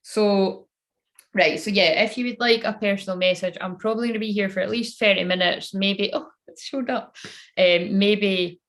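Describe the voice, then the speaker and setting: A psychic tarot reader, live-streaming a casual reading, speaks in a steady, mid-range voice with a fairly bright tone at a moderate pace. She chats in a self-deprecating way, swears freely, and mutters to herself as she handles her phone.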